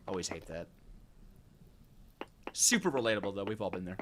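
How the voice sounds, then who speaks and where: A man's voice: low voice, animated, normal speed, pauses often. Young guy streaming a game, goofy rambling chat, bouncy up and down voice, faint noise behind. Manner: joking, rambling, answers chat. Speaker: gaming streamer. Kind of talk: casual let's-play chat with viewers.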